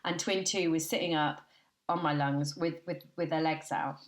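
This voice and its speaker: A woman guest on a podcast, telling lively anecdotes in a chatty way and laughing often. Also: deep voice, moderate pace, reverberant. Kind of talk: chatty storytelling.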